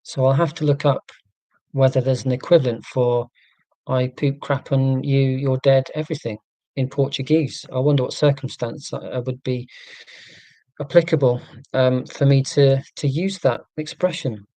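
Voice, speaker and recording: A man's voice: medium pitch, fairly even intonation, moderate pace, warm tone, no echo. A man from England hosting a live stream, chatting in a rambling, self-deprecating, joking way. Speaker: livestream host.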